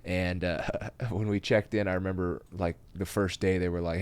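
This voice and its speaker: A man with a somewhat low voice sits in as a podcast guest. He is a comedian who tells his stories loosely and profanely. He laughs often and speaks with animated energy throughout. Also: normal speed, few pauses, smooth. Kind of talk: casual storytelling chat.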